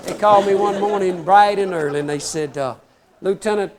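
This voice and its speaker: A man's voice: sits high, a little fast. An older man telling comic stories on stage in a folksy, self-mocking way, often calling the crowd "folks". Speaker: comedian telling trooper stories. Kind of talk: stand-up storytelling.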